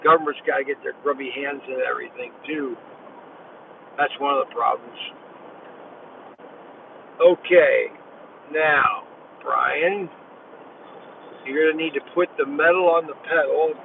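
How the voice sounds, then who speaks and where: A man's voice: fairly high pitch, unhurried, creaky, long pauses. A tired man mumbling and rambling while hosting a casual livestream, talking from inside a moving vehicle. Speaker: livestream host. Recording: tinny distant mic with loud vehicle noise.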